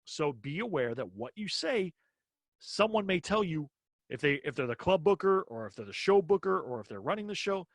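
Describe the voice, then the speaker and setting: Male comedy podcast co-host, opinionated and animated, dry close mic. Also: fairly high pitch, normal speed, no room sound. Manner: opinionated, animated, acts out quoted exchanges. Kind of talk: casual podcast chat.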